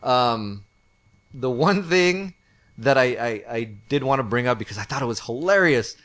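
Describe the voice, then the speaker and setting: A man's voice: medium pitch, lively intonation, moderate pace, fairly bright tone. Casual man reviewing wrestling. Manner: rambling, many fillers and restarts. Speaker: podcast co-host.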